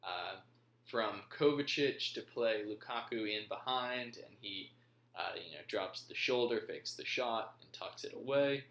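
A man's voice: fairly low pitch, a little slow, fairly bright tone. A man hosting a casual football recap, rambling with frequent ums. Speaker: podcast host. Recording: roomy echo.

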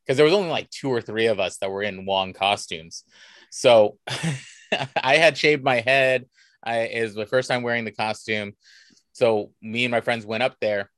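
An enthusiastic man from the United States recounts his cosplay stories in an easy, conversational way. His voice sits at an ordinary middle pitch. It sounds close and dry, with little room sound around it. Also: normal speed, no room sound. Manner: animated, enthusiastic anecdote telling. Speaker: cosplayer guest. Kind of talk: casual conversational storytelling.

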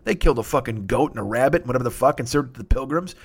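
A man's voice: medium pitch, expressive, very fast, breathy edge. A man hosting a comedy show, riffing through a profane, improvised rant and slipping into silly voices. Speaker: comedy podcast host.

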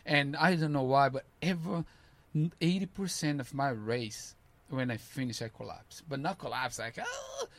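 Gravelly man telling a story animatedly. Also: medium pitch, normal speed, hardly any pauses, a little hiss or hum. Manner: animated storytelling, acting out voices, broken English. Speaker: podcast guest, ultrarunner. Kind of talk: casual interview chat.

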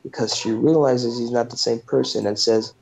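A man's voice: medium pitch, steady tone, moderate pace, creaky, darkish tone, a little hiss or hum. A man hosting a podcast, casually recapping a movie's plot in a loose, profane way with lots of fillers. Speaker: podcast host. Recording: dull lo-fi recording.

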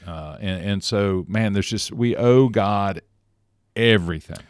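A man's voice: fairly low pitch, measured pace, no echo, clean studio sound. A man co-hosting a pastors' podcast, chatting casually with folksy jokes and reading scripture aloud. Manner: relaxed, folksy, self-deprecating jokes.

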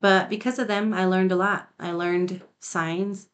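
A woman's voice: mid-range voice, fairly even intonation, a little slow. A woman hosting a podcast speaks in a loose, offhand way, with a mid-range voice. She swears constantly and peppers her sentences with "like", with short laughs between them. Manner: nonchalant, heavy swearing, frequent "like". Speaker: podcast host. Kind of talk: casual conversation.

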